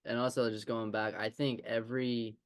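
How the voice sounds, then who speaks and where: A man's voice: mid-range voice, level tone, normal speed, no echo. A man hosting a podcast, chatting casually in an earnest, encouraging way. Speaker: podcast host. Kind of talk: casual interview chat.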